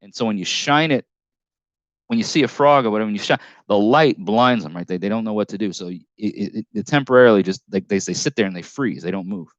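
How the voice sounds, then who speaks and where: A man's voice: on the low side, animated, fast, dry recording. Man, northern US accent, casual live stream chat, rambling with self-corrections, lo-fi headset audio. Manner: rambling storytelling with many restarts and self-corrections.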